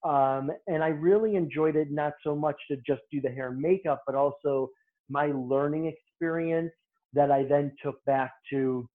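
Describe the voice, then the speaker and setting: A man's voice: on the high side, moderate pace. Man telling stories over a tinny line. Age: middle-aged. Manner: lively anecdote-teller who acts out quoted lines. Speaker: hairstylist and beauty-industry guest. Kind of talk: casual storytelling in a podcast interview. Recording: tinny phone-line audio.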